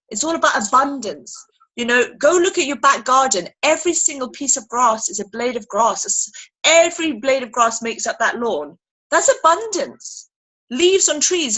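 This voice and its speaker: A high-pitched woman with a bright, husky edge gives a rousing training talk to her team on a video call. She is animated and emphatic, and she acts out little scenes with lots of energy. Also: low-quality recording. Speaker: sales team leader.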